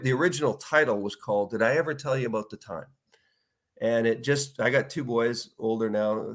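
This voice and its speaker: A man in his fifties, an author guest in a casual interview, telling stories and acting out quotes in lively bursts. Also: medium pitch. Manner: animated storyteller, acts out quotes.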